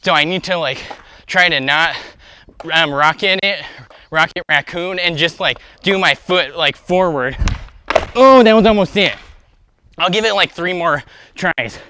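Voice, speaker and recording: A young man chats through his skateboarding livestream with a bright, tense voice pitched a little high. He rambles, full of fillers, upbeat and a bit out of breath. The sound is dry and close. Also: a little slow, smooth, no room sound. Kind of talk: casual livestream chat while skateboarding. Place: outdoors skating.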